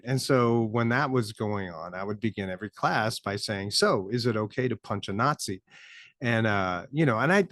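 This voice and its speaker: A former teacher who now hosts his own commentary podcast talks casually in a lowish voice, peppering his remarks with rhetorical questions and a frequent "right?" The sound is clean studio audio with no echo.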